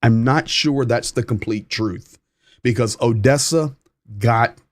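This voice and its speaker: A man with a Southern American accent hosting a live-stream news update, talking conversationally, reading viewer comments and often pausing with "um.". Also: mid-range voice, dry recording, clean studio sound. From United States.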